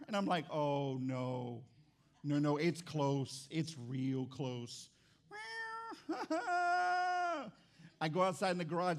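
Animated comic male preacher. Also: fairly high pitch. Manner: animated, comic, shifts between loud bursts and quiet asides. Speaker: pastor. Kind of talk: sermon with storytelling.

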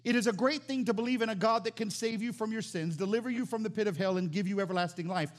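High-voiced animated preaching man. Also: fast. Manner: animated, swings from loud exclamations to quiet emphasis. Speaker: pastor. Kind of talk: sermon.

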